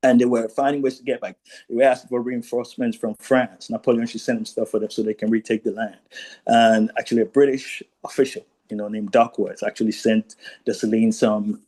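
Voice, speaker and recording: A man with a mellow, dark-toned voice at a middling pitch, lecturing on history in a loose, conversational way. He keeps checking in with his listeners with "right?" and "you know," and he pauses often as he gathers his thoughts. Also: flat delivery, rough recording. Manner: reads quoted speeches aloud, then comments. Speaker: speaker at a commemoration talk.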